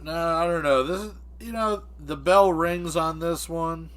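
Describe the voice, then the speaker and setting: A man's voice: fairly high pitch, unhurried, a bit bright. A man co-hosting a podcast, riffing on a comic scenario with profanity in casual chat. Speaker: podcast co-host.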